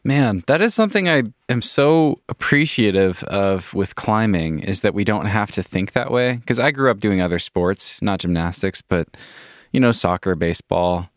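Male podcast host, low-pitched, dry close sound, engaged and responsive. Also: animated, moderate pace, no room sound. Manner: engaged, reacts often, asks long questions. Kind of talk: casual interview chat.

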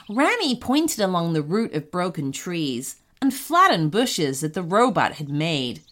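A woman reading a children's story aloud in a slow, expressive way. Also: on the low side.

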